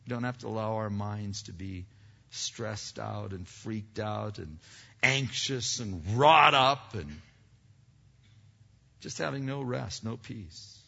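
A male preacher delivers an earnest sermon, often restarting words and asking rhetorical questions. His tone is bright and forceful. The recording is dull and lo-fi, with long reverb from a hall. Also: fairly low pitch, slow pace, creaky, husky.

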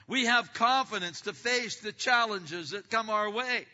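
A male pastor preaching a sermon, swinging from loud bursts to hushed, quiet passages and acting out distracted listeners in quick asides. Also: high-pitched. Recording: dull lo-fi sound with long hall reverb.

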